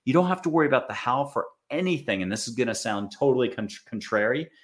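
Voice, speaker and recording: A man's voice: mid-range voice, quick pace. A man from the United States giving a casual spiritual talk to an audience, chatty and acting out little quoted voices. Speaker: spiritual speaker.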